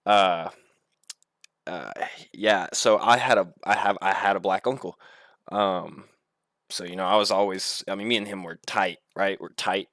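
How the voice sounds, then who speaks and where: Young male vlogger, loose and profane storyteller, punchy bright tone. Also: low voice, steady tone, a little slow, no room sound, studio quality. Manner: rambling, profane, laughs while telling. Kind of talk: casual storytelling.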